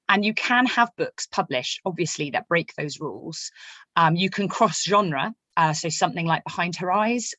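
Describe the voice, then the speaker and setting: A woman, a novelist, teaching a writing workshop in a quick, chatty way with many fillers. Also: deep voice, a bit bright, no echo. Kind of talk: online workshop talk.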